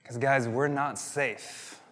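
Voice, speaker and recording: A man preaching a sermon as pastor, energetic, with many restarts and fillers. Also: mid-range voice, slow pace, big-room sound. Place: church hall.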